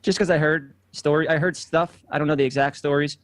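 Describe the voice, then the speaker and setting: A man being interviewed, defending himself in halting speech full of restarts. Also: a little high, steady tone, dry recording. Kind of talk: conversational interview.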